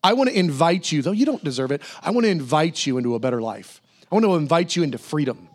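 A man's voice: a little high, lively intonation, quick pace. A man preaching a sermon in a church, acting out Bible figures in casual, playful voices. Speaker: pastor.

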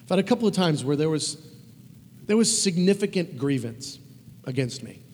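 A man preaching a conversational sermon, emphatic and animated, with casual asides. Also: a little high, normal speed, slight background noise. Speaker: pastor. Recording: long reverb of a large hall.

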